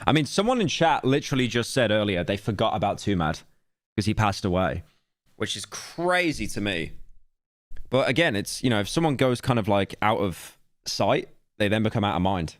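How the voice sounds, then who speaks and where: A man's voice: fairly low pitch, very animated, normal speed, no echo, studio quality. A man commentating casually on a live stream, making sarcastic jokes as he watches. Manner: joking, sarcastic asides. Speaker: streamer reacting to a video.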